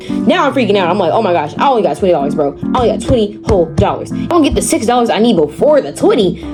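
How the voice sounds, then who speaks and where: A teenage girl telling a story on her vlog, dramatic and animated, repeating words for effect. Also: fairly low pitch, fast talker. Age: teens. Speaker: vlogger. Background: background music.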